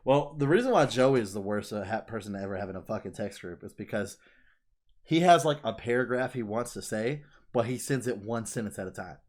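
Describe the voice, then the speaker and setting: A man's voice: fairly low pitch, fairly quick. A young man co-hosting a casual podcast chat, swearing freely and acting out stories with big jumps in his voice. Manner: profane, animated storyteller. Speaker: podcast co-host.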